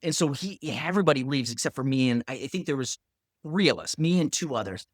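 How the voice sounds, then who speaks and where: A man, a pharmacist, telling a story in a casual, animated way, acting out other people's lines and saying "like" a lot. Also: medium pitch, quick pace, no room sound, clean studio sound.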